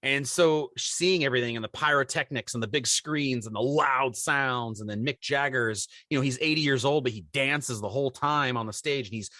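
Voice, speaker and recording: Animated storytelling man, bright voice. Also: medium pitch, normal speed, hardly any pauses, dry recording, clean studio sound. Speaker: podcast co-host. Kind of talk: casual storytelling chat.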